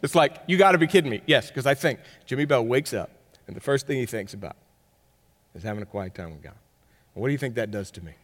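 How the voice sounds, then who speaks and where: A man preaching a sermon, telling stories with big swings between loud bursts and quiet, close talk. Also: mid-range voice, animated, fast. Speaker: pastor. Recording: long hall reverb.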